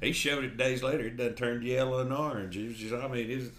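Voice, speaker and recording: A man's voice: mid-range voice, steady tone, fast, a loud crowd. A man, chatting in a laid-back way with short replies and chuckles. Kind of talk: casual chat. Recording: noisy background.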